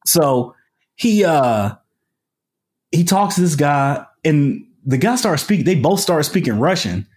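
A man's voice: on the high side, very animated, takes it slowly, darkish tone. A man, a podcast guest, telling a story in a casual, colloquial way with lots of fillers and restarts. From United States.

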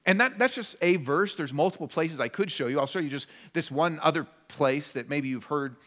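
A man's voice: fairly high pitch, brisk, a bit bright. A man preaching a sermon as pastor, conversational and jokey, acting out little voices as he goes. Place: church.

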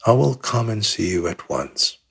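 A man's voice: fairly low pitch, big pitch swings, normal speed, creaky, fairly bright tone, slightly rough, heavily acted. A man voicing a menacing Italian extortionist who speaks in curt threats, in an audiobook. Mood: threatening.

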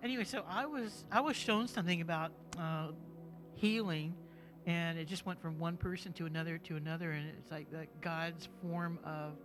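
A man's voice: a little high, steady tone, moderate pace, music in the background. A man from the congregation sharing a church testimony in a rambling, hesitant way with many fillers. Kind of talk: casual testimony.

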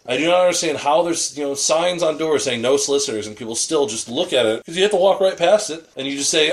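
A man's voice: a little high, lively intonation, fast, hardly any pauses. A man co-hosting a comedy podcast, ranting in a casual, exasperated and profane way. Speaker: podcast co-host.

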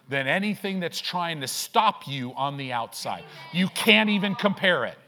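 A male pastor delivering a sermon in church, preaching with energy in quick bursts, asking rhetorical questions and trading call-and-response with the congregation. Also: a little high, expressive, sharp tone.

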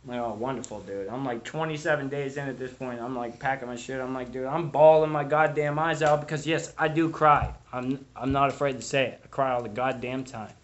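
A man's voice: mid-range voice, fairly quick, few pauses, muffled recording. A young man from Boston with a Boston accent, telling his recovery story to a crowd in a rambling, profane way full of "dude" and "like.". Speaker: speaker sharing recovery story. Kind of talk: storytelling to a live audience.

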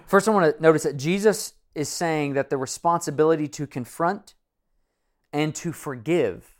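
A man's voice: a little high, moderate pace. A man preaching a sermon in a conversational, self-deprecating way, reading scripture and acting out imagined conversations. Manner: conversational, self-deprecating, acts out quoted voices. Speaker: pastor.

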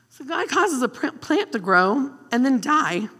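A woman who is a guest pastor preaching a sermon. She tells stories in an emotional, animated way. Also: high-pitched, a little slow, long reverb tail.

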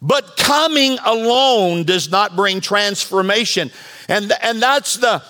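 A man preaching a sermon as pastor, animated and bantering with the congregation. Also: sits high, takes it slowly. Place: church sanctuary.

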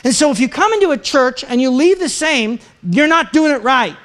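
Animated American pastor preaching. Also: sits high, moderate pace. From United States. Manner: storytelling, self-deprecating, animated delivery. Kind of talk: sermon.

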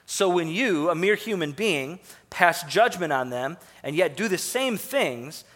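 A man's voice: high voice, expressive, measured pace, fairly bright tone, long reverb tail. A man preaching a sermon in a conversational way, with fillers and asides as he works through a passage.

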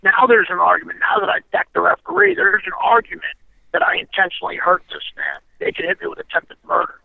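A man's voice: high voice, huge pitch swings, fast talker, gravelly, no echo. A man giving an interview, telling his story bluntly and animatedly, with plenty of swearing and "you know". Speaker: interview guest. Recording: tinny phone line, dry.

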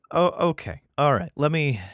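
A man's voice: on the high side, sing-song, a little slow, fairly bright tone, no room sound, clean studio sound. A man hosting a casual podcast who reads aloud and comments in profane, rambling, exasperated asides. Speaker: podcast host. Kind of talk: casual Bible reading podcast.

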